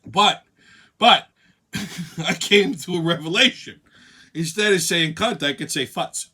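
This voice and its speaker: A man's voice: high-pitched, takes it slowly, bright, forceful tone, slight background noise. A man hosting a comedic monologue show, profane and laughing at his own jokes. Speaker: host.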